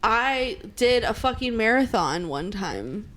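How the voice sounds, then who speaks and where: A young woman co-hosting a podcast, chatting casually with blunt, swearing quick comebacks. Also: on the high side, big pitch swings, fairly bright tone, a little hiss or hum, poor audio. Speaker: podcast co-host. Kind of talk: casual chat.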